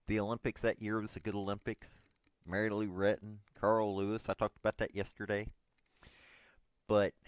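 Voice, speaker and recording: A man's voice: fairly low pitch, clear, resonant tone, no room sound. A man in his forties, hosting his own podcast, rambles casually and self-deprecatingly, with lots of hesitant fillers. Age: 40s. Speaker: podcast host.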